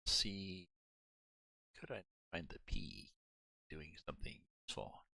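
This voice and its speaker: Deep-voiced man rambling while he plays. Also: animated, takes it slowly, vocal fry, pushed and bright, no room sound. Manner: rambling, thinking aloud. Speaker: game streamer. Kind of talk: casual gameplay chat.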